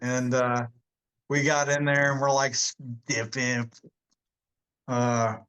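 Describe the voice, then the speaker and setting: A man's voice: mid-range voice, flat delivery, slow pace, fairly bright tone, clean tone, low-quality recording. A man in his forties, an army veteran telling rambling stories in a casual interview, laughing often between many fillers. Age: 40s.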